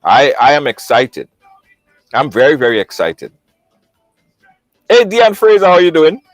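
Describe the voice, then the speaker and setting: Guy hosting a live stream, high voice, dry close sound, keeps repeating himself. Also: unhurried, dry recording, faint music behind, rough recording. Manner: lively, repeats phrases, greets viewers by name. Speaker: host. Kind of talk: live online talk show hosting.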